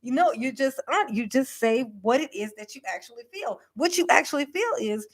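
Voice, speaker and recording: Woman host, casual live stream rant, blunt and profane, halting with fillers. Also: high voice. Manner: blunt, profane, animated, lots of fillers and restarts. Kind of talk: casual livestream advice rant.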